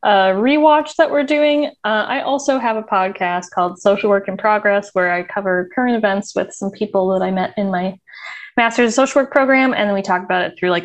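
A woman co-hosting a podcast over a video call, chatting animatedly. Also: medium pitch. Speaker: podcast co-host. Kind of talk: casual chat. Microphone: own mic on a video call.

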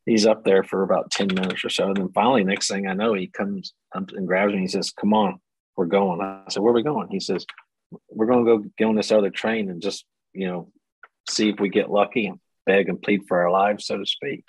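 A man's voice: deep voice, flat delivery, fairly quick, slightly rough, rough recording. A man telling a travel story as a podcast guest, acting out the people he quotes. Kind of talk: casual storytelling.

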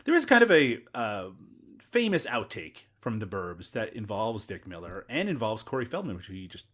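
A man's voice: fairly low pitch, sing-song, normal speed, a bit bright. A man hosting a casual movie podcast, asking his co-hosts questions and laughing often. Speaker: podcast host.

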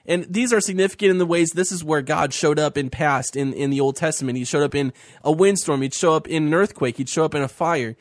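A man's voice: a little high, brisk, few pauses, dry recording. A man co-hosting a faith talk show, teaching a Bible story in conversation and acting out the speakers' lines with feeling.

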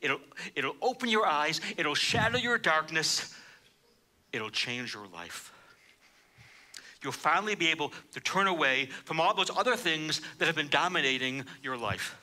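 A man preaching a sermon with dramatic emphasis, dropping to a hush and then rising loud, repeating key phrases. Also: on the high side, lively intonation, measured pace. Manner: dramatic preaching, swinging between hushed and loud. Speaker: pastor.

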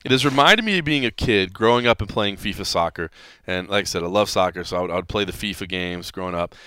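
A man hosting a casual podcast, animated and chatty, often repeating words as he thinks aloud. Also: deep voice, fast talker, no room sound. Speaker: podcast host. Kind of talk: casual chat.

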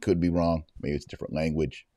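A man's voice: rumbling low, level tone, fast, dark tone, no room sound. A man from Texas, hosting a casual show and commenting on video clips in a chatty, joking way. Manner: chatty, joking, with fillers and asides. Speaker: host.

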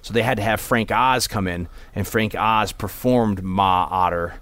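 This co-host has a voice on the low side with a slightly bright quality, talking at a moderate pace. His podcast chatter is loose and rambling, full of fillers and false starts.

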